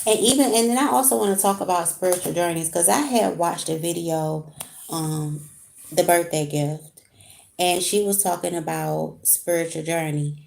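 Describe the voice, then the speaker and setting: A woman's voice: fairly low pitch, normal speed, vocal fry, darkish tone, slight background noise. A woman giving a casual live tarot reading at home, talking straight to her viewers with slang. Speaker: tarot card reader. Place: home room with heat on.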